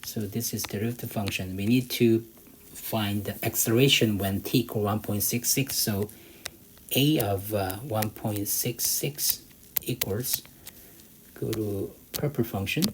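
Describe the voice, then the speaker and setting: There's faint background noise as a man with a fairly low pitch tutors math, going slowly and haltingly through an exam problem. He fills the gaps with fillers and thinks aloud while using a calculator.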